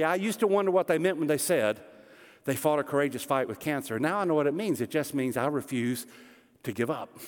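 Middle-aged pastor guy preaching, slightly high voice, big echoey church hall, earnest, asks the room questions. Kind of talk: sermon. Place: church sanctuary. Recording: long hall reverb.

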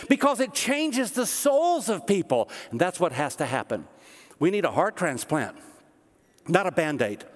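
Man, middle-aged pastor, passionate sermon, emphatic repetition, high voice. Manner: impassioned, emphatic preaching with repeated phrases. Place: church sanctuary. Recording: long hall reverb.

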